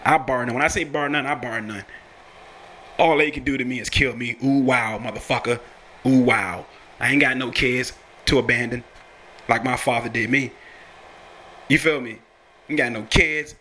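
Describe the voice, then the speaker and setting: A young man rambles through a loose, swear-heavy monologue as a talk host, laughing often as he goes. His voice is bright and forceful. A faint hiss of noise sits behind him. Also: mid-range voice, moderate pace, pauses often. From Virginia, USA. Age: young adult. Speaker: podcast host and rapper. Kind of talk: casual profane monologue.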